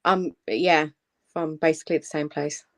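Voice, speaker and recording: A woman's voice: sits low, fairly even intonation, normal speed. A woman hosting a casual livestream panel over a video call, teasing and joking with her guests. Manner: playful, teasing, jokey.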